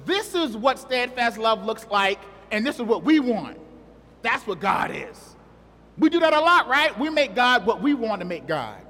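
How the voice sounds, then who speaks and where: Brief: a chatty male preacher who jokes with his church, pitched very high, echoing through a large sanctuary. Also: big pitch swings, normal speed, sharp tone. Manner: conversational, joking, asks the congregation questions. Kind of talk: sermon.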